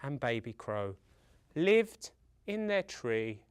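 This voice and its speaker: Male storyteller for kids' folktales, theatrical with dramatic pauses; very lively pitch, clear smooth voice, dry close sound. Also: no room sound.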